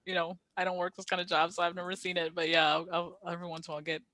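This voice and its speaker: Woman, chatty interview guest, bright tone, dry close sound, laughs a lot. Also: on the low side, monotone, rapid-fire, dry recording. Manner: chatty, laughs often, acts out quotes. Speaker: guest actress. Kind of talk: casual interview storytelling.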